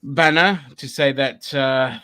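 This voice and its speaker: A man's voice: mid-range voice, slow, sharp tone, clear, resonant tone. Sweary man hosting a podcast. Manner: loose, sweary, many restarts and fillers. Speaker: podcast host. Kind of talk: casual chat.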